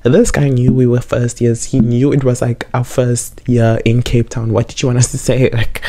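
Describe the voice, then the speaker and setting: A man's voice: mid-range voice, little pitch movement, normal speed, dark tone, slight background noise. A young man in a casual storytime chat, a bit tipsy from wine, rambling and repeating himself as he tells the story. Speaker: vlogger.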